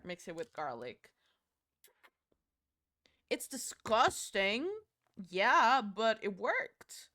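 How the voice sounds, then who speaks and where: Here a young woman from Portugal talks in a mid-range, fairly bright voice with a Portuguese accent. She's streaming while putting on makeup, rambling chattily, cursing without restraint and letting out playful bursts.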